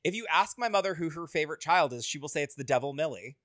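A man co-hosting a podcast in casual chat, telling playful stories with animated energy. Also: on the high side, quick pace, no room sound, studio quality. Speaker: podcast co-host. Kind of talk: casual chat, reality TV recap.

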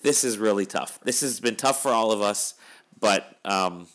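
A man's voice: lowish voice, moderate pace, fairly bright tone. Weary, rambling male podcast host. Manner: wry, weary, rambling sign-off. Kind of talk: casual podcast chat.

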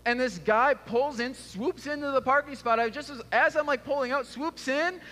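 A man in his thirties, a pastor, preaching a sermon with animated storytelling and acted-out voices. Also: extremely high pitch, moderate pace. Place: church auditorium. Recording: long hall reverb.

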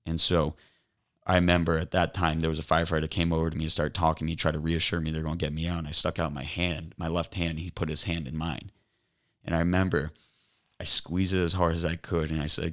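A young man, a podcast guest, earnestly retelling a near-death experience, halting and restarting often. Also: rumbling low, flat delivery, fairly bright tone. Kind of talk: emotional personal storytelling.

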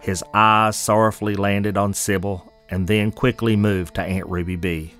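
Low-voiced male storyteller. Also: steady tone, a bit bright, faint music behind. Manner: measured, descriptive storytelling. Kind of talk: scripted narration.

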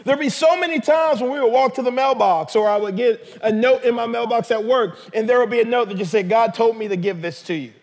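A man's voice: very high voice, a little fast, vocal fry, hardly any pauses, big-room sound. A man pastor delivering a sermon in a conversational, emphatic manner.

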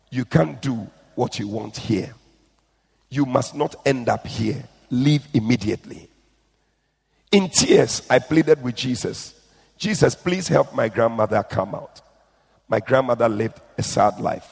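Gravelly preacher, urgent in an echoing hall. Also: male voice, mid-range voice, unhurried. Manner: urgent pleading. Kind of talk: sermon with read-out testimony. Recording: echoey hall.

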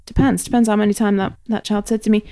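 A woman in her thirties, co-hosting a podcast in casual chat, blunt and quick, swearing freely as she tells stories about her child. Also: medium pitch, steady tone, warm tone, no echo, studio quality. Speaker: podcast co-host, mother.

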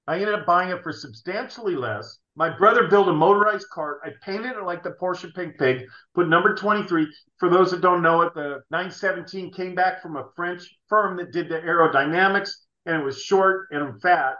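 A middle-aged man tells animated stories as an interview guest, his voice bright and forceful, on the high side for a man. The recording sounds roomy and slightly dull. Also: moderate pace. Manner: animated anecdotes with laughs. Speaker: guest, automotive artist. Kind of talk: casual storytelling.

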